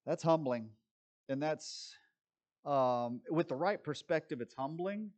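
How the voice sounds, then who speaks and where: A man's voice: on the high side, animated, takes it slowly, a little mellow. A man preaching a sermon as pastor, asking his listeners rhetorical questions, answering them himself and dropping wry jokes along the way. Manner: wry, joking asides.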